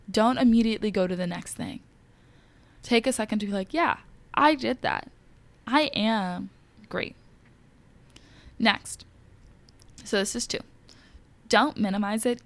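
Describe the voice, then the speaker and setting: A woman's voice: medium pitch, vocal fry. A young adult woman hosting a wellness show, giving candid, emphatic and encouraging advice straight to her listeners. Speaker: wellness podcast host. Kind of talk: casual advice talk.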